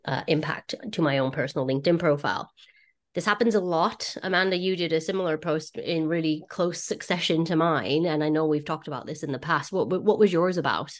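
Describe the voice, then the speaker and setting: Chatty woman hosting a podcast. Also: low voice. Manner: chatty and informal, slangy asides. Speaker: podcast host. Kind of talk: casual podcast chat.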